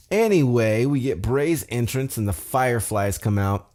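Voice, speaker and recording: A man's voice: lowish voice, lively intonation, normal speed, mellow. A man hosting a solo podcast recap, talking casually in a rambling, profane, self-deprecating way. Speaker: podcast host.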